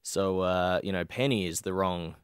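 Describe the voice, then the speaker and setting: A man's voice: sits low, moderate pace, clean tone, no echo, clean studio sound. A man, nasal from a cold, bantering and asking questions as podcast host. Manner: jokey, banters, asks questions. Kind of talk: casual chat.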